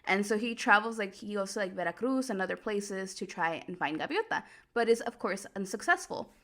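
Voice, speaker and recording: A woman chatting casually as a host, animated and quick to laugh, with lots of "like" sprinkled in. Her voice sits in a middle pitch with a noticeable gravelly fry at the ends of phrases. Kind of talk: casual chat recap.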